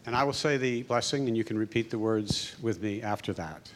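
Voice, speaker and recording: A man's voice: fairly low pitch, fairly even intonation, brisk, few pauses. A man leading a congregation's offering, reciting a blessing for them to repeat. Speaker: minister.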